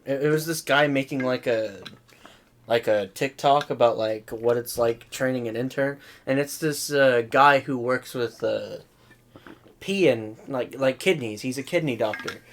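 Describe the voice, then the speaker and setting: A young man co-hosting a podcast, making dry, deadpan, teasing remarks. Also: mid-range voice, unhurried, slight background noise. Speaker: podcast co-host. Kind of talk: casual chat.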